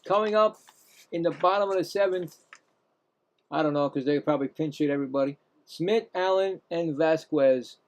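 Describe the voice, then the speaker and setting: A man's voice: fairly high pitch, normal speed. A man hosting casual live baseball play-by-play, rambling, self-mocking, and often stumbling and correcting himself. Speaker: play-by-play host.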